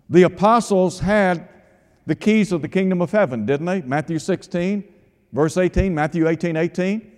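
A man's voice: high voice, darkish tone. A man preaching a radio sermon with emphatic delivery, asking rhetorical questions and quoting scripture. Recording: long hall reverb.

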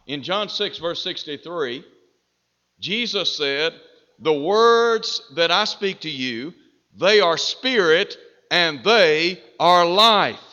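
A man preaching a sermon, slow and deliberate, with emphatic rises on key phrases. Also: a little high, bright, forceful tone. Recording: dull reverberant hall.

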